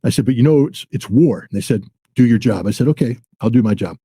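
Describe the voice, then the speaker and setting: Dark, husky-voiced man telling a story. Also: medium pitch, expressive, quick pace, no echo. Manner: blunt, acts out quoted dialogue. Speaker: former weapons inspector, guest. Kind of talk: storytelling in an interview.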